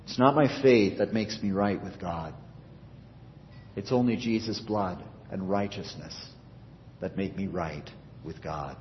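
Earnest male pastor preaching in a reverberant church. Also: slight background noise. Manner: earnest preaching, voice rising for emphasis and dropping low at phrase ends. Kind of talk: sermon. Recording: dull reverberant church recording.

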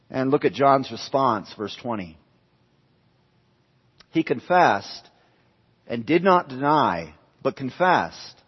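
A man's voice: fairly high pitch, breathy edge. A man preaching an expository sermon, emphatic, repeating key phrases for stress. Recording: dull lo-fi sound with long hall reverb.

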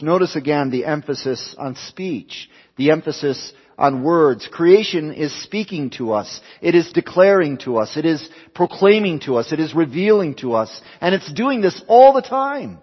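A pastor delivering an evening sermon, building phrases through repetition and rising and falling for emphasis. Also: male voice, fairly high pitch, animated, normal speed, hardly any pauses, breathy edge, in a large hall, lo-fi sound. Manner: preaching with repetition, swelling and dropping for emphasis. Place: church.

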